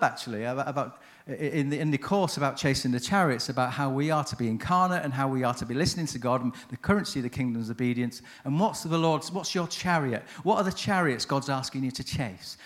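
Chatty man telling a story. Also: on the high side. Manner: chatty, self-interrupting, anecdotal. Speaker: seminar speaker on chaplaincy. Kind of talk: conference talk with storytelling.

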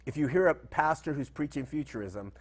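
A man's voice: fairly high pitch, expressive, brisk. A man teaching through Bible verses in a conversational style, often asking rhetorical questions. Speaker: preacher.

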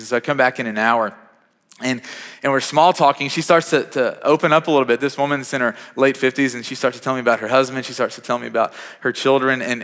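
Church pastor preaching in a reverberant hall. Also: male voice, mid-range voice. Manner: conversational, repeats words when starting phrases, builds to louder emphatic peaks. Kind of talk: sermon with personal story. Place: church sanctuary.

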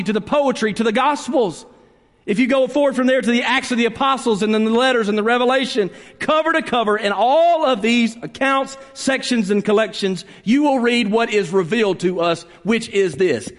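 A man preaching a sermon as pastor, swinging between emphatic calls and sudden hushed drops. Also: high-pitched. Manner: preaching with dramatic drops to a hush and rising emphasis. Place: church sanctuary. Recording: reverberant church hall.

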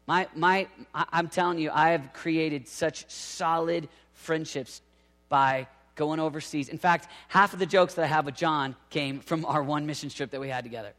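A male preacher with a high voice fires up his listeners and slips into little voices for the people he quotes. His words ring with a long echo in a big hall. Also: normal speed. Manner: energetic, acts out quoted voices. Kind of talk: sermon. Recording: reverberant hall.

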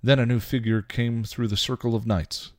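A man reading a fan story aloud in steady storytelling narration. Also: medium pitch, normal speed, dry recording, clean studio sound. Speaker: reader.

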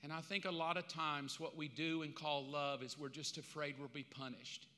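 A middle-aged man preaching a sermon as pastor, impassioned and conversational, with dramatic pauses. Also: on the high side, fairly even intonation, pushed and bright, in a large hall. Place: church sanctuary.

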